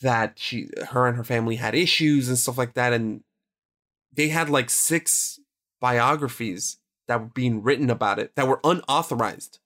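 A man's voice: mid-range voice, moderate pace, a bit bright. A man co-hosting a casual podcast, talking through a film in a rambling, emphatic way and often correcting himself. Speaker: podcast co-host.

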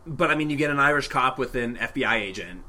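Bright-voiced chatty man. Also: mid-range voice, lively intonation, fast. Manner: chatty, rambling, laughs often. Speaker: podcast co-host. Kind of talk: casual movie chat.

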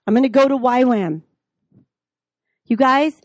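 A middle-aged woman teaching the Bible, telling her own story in a lively way and acting out the dialogue. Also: on the high side, a little slow, long pauses, dry recording. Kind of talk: teaching with personal testimony. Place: classroom.

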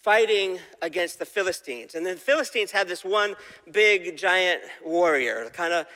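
A man's voice: high voice, lively intonation, measured pace, pushed and bright, long reverb tail. A man giving a casual, conversational sermon, retelling a Bible story and asking the audience questions. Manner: conversational, asks the audience questions, acts out quoted voices. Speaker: preacher.

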